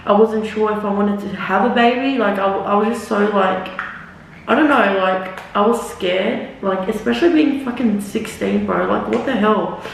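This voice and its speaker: A young vlogger with a gravelly mid-range voice talks at a moderate pace through a rambling, sweary makeup storytime laced with "like" and "literally." She's turned away from the camera in an echoey room, captured by a distant mic with roomy echo and a little hiss or hum.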